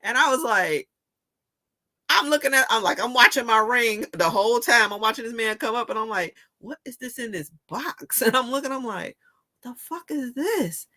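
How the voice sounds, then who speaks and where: A woman hosting a casual chat, telling stories in an animated way, laughing often and swearing casually. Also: fairly high pitch, moderate pace. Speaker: show host.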